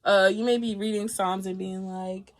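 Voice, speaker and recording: A woman hosts a live tarot reading in a casual, animated way. She laughs often and swears freely, shifting easily between quiet, confiding asides and loud, emphatic declarations. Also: medium pitch, moderate pace. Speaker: tarot reader.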